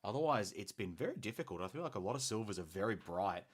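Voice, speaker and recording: A very deep-voiced Australian man hosts a live painting stream. He talks in a loose, enthusiastic and chatty way, full of ums. He keeps the easygoing pace of someone working with his hands while he talks. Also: lively intonation, quick pace, husky. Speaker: hobby stream host.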